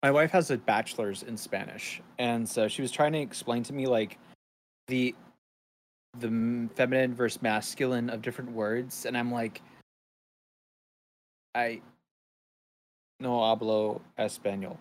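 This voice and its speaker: A man's voice: medium pitch, fairly even intonation, measured pace, pauses often, a little hiss or hum. A man with an ordinary mid-range voice chats casually, cracking jokes and laughing at his own slip-ups. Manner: joking, self-deprecating. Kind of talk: casual chat.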